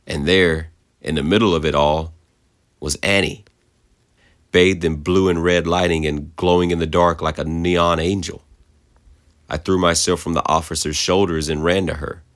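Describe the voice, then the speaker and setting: A man with a very low, deep voice narrates a creepypasta horror story. His delivery is measured and somber, and he keeps an even storytelling pace.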